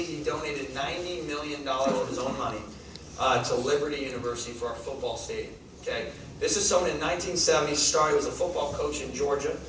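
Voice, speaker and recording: An energetic man in his thirties gives a motivational talk, rattling off points and checking in with the crowd. His fairly high voice carries from a distance through a very echoey hall, with steady noise underneath. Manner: energetic, rapid-fire, asks the crowd questions. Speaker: network marketing speaker. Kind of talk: motivational talk to a live audience. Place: large meeting hall.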